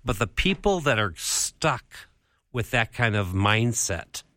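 A man's voice: fairly low pitch, sing-song, takes it slowly, bright, forceful tone, no echo, clean studio sound. A man as a Christian counselor guest on a faith talk show, speaking in a straightforward, earnest way and stretching words for emphasis.

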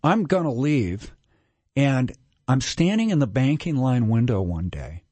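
A man's voice: mid-range voice, a little slow, slightly rough, dry recording. Candid older man telling his story. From Minnesota, USA. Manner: candid, self-mocking, animated storyteller. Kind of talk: casual storytelling.

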